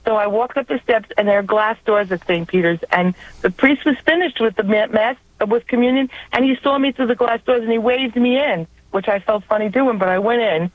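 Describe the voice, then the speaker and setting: A woman's voice: fairly high pitch, no room sound. New York woman on a tinny phone line. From Long Island, New York. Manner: earnest, quick, conversational. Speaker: caller. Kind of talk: telling a personal faith story. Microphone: telephone.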